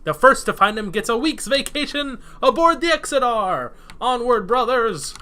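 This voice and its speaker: A man's voice: very high voice, lively intonation, moderate pace, bright, forceful tone, voice pushed up, heavily acted. A man putting on a sinister elf huntress commander. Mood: rallying. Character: sinister female elf hunter leader.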